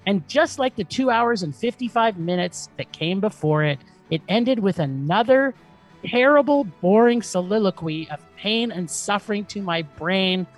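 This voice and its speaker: A woman's voice: medium pitch, animated, moderate pace, soft background music. Exasperated woman ranting about a film. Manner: exasperated, profane, dramatic. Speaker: podcast co-host.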